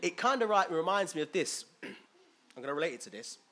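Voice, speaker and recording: A man's voice: fairly high pitch, sing-song, a little fast, a bit bright. A man giving an informal, conversational sermon, often asking his listeners questions. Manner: conversational, asks listeners questions, acts out quoted voices. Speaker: preacher.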